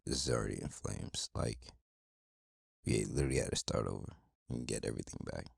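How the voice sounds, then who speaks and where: A man guests on a podcast and chats in a relaxed, playful way full of slang. His voice is extremely deep and gravelly. The sound is dry and close. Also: a little fast, dry recording. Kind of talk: casual podcast chat.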